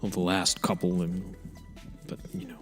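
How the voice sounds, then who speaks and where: A man's voice: low voice, completely flat delivery, normal speed, faint music behind. A man hosting an online radio show, chatting casually and rambling between songs, frank and self-mocking and often restarting his sentences.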